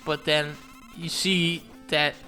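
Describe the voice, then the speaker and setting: Excitable high-voiced young man rambling. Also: slow, soft background music. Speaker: comedic narrator. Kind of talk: rambling comedy storytelling.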